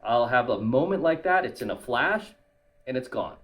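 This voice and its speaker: A man's voice: medium pitch, expressive, normal speed. A man and YouTuber coach talking bluntly in a casual monologue to camera, tagging his points with "right?". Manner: blunt, tags lines with "right?".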